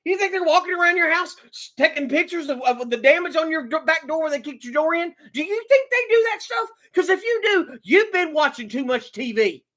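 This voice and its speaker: A woman's voice: very high-pitched, lively intonation, a little fast, few pauses, a bit bright. A woman hosting a livestream, ranting with anger and indignation, repeating herself and stumbling over restarts. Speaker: livestream host. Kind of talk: ranting live commentary.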